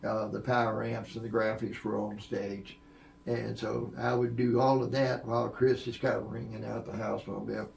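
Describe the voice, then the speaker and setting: Gravelly older man telling stories. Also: on the low side, flat delivery, moderate pace, darkish tone, far from the mic, slight background noise. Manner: rambling anecdotes with many fillers and restarts. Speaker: interview guest, veteran sound engineer. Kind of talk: storytelling in a podcast interview. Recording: echoey room.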